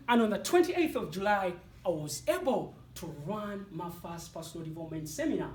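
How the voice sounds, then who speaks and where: A man with an African accent giving a motivational speech to an audience in a competition, with dramatic, deliberate delivery and punchy pauses. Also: high-pitched, animated, a little hiss or hum. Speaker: motivational speaker. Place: speaking hall with live audience. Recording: echoey hall, voice from far off.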